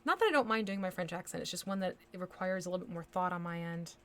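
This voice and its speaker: A woman's voice: lowish voice, lively intonation, fast, fairly bright tone. Chatty woman painting on a livestream. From United States. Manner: chatty, thinks aloud, hums nonsense syllables. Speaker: miniature painting livestream host. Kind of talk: casual chat while painting live.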